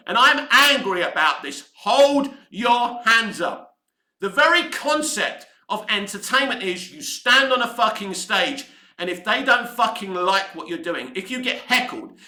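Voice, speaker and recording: Angry ranting man, high bright voice. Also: reverberant. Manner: heated, sweary, ranting. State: voice going hoarse. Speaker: online commentary host. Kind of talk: angry opinion rant.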